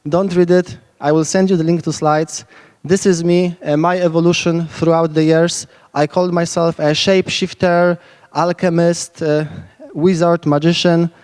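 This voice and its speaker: A man's voice: fairly high pitch, little pitch movement, normal speed, a little mellow. A man from Poland with a Polish accent, giving an enthusiastic, rambling lightning talk full of fillers. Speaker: speaker giving a short conference talk. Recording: echoey hall reverb.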